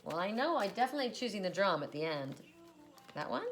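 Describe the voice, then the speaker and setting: A woman's voice: medium pitch, sing-song, fast. A woman doing a casual oracle card reading, chatty and laughing often as she repeats a set phrase.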